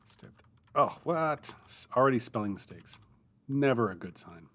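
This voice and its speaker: A man hosts a writing-sprint livestream with a medium-pitched, animated voice, chatty and self-mocking as he thinks aloud. Once writing, he mutters his draft slowly and softly.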